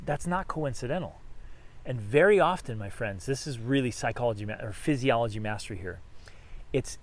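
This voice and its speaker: A man hosting a motivational talk, speaking energetically with big swings in volume and lively delivery. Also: medium pitch. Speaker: podcast host and coach.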